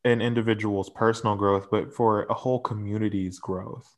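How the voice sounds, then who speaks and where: A man's voice: lowish voice, moderate pace. A young adult man co-hosting a podcast, telling personal stories in a candid, profane, casual way. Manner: candid, profane, animated storyteller. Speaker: podcast co-host.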